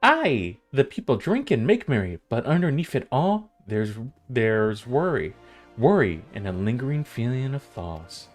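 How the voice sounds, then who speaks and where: A man voicing a wry, motherly female tavern owner and guild master, telling her tale in a slow, drawn-out way. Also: mid-range voice, very animated, soft background music. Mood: storytelling. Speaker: streamer reading game dialogue aloud.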